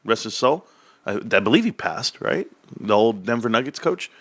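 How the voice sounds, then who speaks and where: 40s guy ranting to his viewers, jokey and all over the place, pitch bouncing up and down. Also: big pitch swings, normal speed, a bit bright, dry recording. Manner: rambling, joking, tangent-prone. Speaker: stock market vlogger. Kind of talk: casual rant to viewers.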